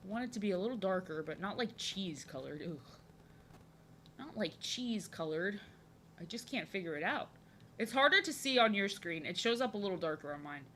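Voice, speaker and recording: A woman's voice: medium pitch, moderate pace, slight background noise. Bubbly, overexcited young woman streamer. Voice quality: youthful, like an excited little boy. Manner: overexcited, chatty, repeats herself. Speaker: streamer drawing live. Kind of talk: casual chat while drawing.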